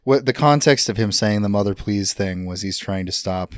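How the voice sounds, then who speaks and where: Low-voiced rambling man in dry sound. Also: clean tone, no room sound. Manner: rambling, halting, full of fillers. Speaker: podcast co-host. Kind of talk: casual chat.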